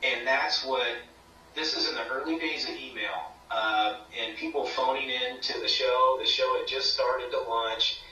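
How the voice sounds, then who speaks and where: Bright-voiced man telling a ghost story. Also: mid-range voice, unhurried, reverberant, distant mic, faint music behind, poor audio. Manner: rambling, animated retelling with quoted voices. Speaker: guest paranormal investigator. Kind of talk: casual interview storytelling.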